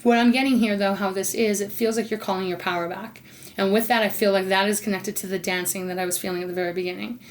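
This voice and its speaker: A woman doing an intuitive tarot reading, talking in a loose, rambling way and pausing to ask her spirit guides. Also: mid-range voice, steady tone, a little hiss or hum. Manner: rambling, warm-hearted, talks to spirit guides between cards. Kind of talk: casual spoken tarot reading.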